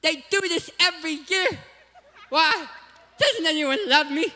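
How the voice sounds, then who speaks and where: A lonely, whiny male cartoon sloth, put on by a man, pleads to be loved in a squeaky, lisping voice pushed far above the speaker's own. He sounds sorry for himself and begs for attention. The sound carries a long hall echo. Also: animated, a little slow, bright, forceful tone, full character voice.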